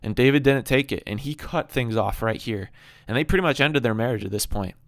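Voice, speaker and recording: A man's voice: medium pitch, fairly quick, dry recording, clean studio sound. A man giving a preachy monologue on a Bible story, emphatic and fond of rhetorical questions and repeated phrases. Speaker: video commentator on Bible stories.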